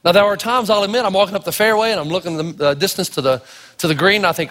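A man's voice: sits high, quick pace. A man from Tennessee preaching a sermon, telling stories and acting out the dialogue in raised voices. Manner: animated storyteller, acts out dialogue in raised voices. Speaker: pastor. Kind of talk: sermon with storytelling. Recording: long hall reverb.

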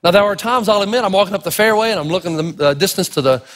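A man from Tennessee preaching a sermon, telling folksy, humorous stories in an animated way. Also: high-pitched, rapid-fire. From Tennessee, United States. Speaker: pastor. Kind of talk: sermon with storytelling. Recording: echoey hall.

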